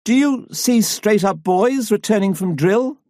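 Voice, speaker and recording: A man voicing an excitable elderly woman who cries out in protest. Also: high voice, unhurried, no room sound, clean studio sound, voice pushed up, heavily acted. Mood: pleading.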